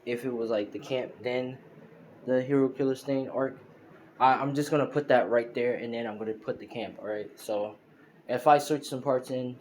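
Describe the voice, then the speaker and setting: A man's voice: medium pitch, steady tone, normal speed, a little mellow, slight background noise. A man casually retelling a fan-made story, rambling with lots of fillers and laughing at his own slips. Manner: rambling, full of fillers like "you know" and "pretty much".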